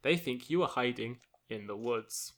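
A man's voice: mid-range voice, lively intonation, moderate pace, a bit bright. A man reading a kind young orphan girl. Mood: earnest. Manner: reads the lines plainly, no accent.

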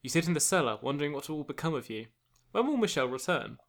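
A man's voice: a little high, big pitch swings, fast. A man narrating a choose-your-own-adventure book to friends as game master. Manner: reads steadily, aside comments with laughter. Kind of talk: casual narration of a gamebook with friends.

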